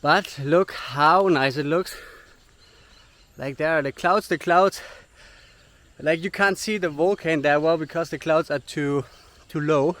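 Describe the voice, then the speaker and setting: Out of breath from climbing, a German-native travel vlogger laughs often as he chats casually on a hiking trail outdoors. He speaks a little slowly in a fairly high, slightly bright voice.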